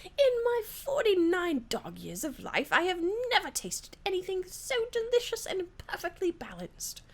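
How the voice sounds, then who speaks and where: A woman's voice: fairly high pitch, sing-song, a little fast. A woman voicing an old male dog who is a master chef teacher, speaking in a grand, pompous way. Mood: delighted.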